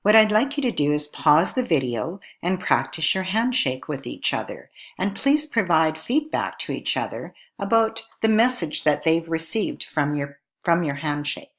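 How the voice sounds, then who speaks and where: A woman with a low voice narrates a recorded lesson. She speaks clearly and at a measured pace, posing question after question to her viewers as an instructor. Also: very animated.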